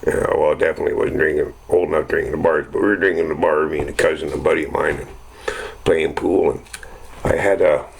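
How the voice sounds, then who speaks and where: Middle-aged man, deep gravelly voice, rambling and profane, faint background noise. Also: fairly even intonation, fast talker, rough recording. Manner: rambling, swears constantly, chuckles at own stories. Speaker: vlogger telling stories. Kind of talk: casual profane storytelling.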